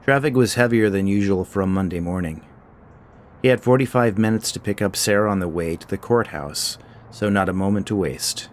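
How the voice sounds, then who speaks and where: A man narrating a short fiction story in a measured, scripted storytelling style. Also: fairly low pitch, a little hiss or hum.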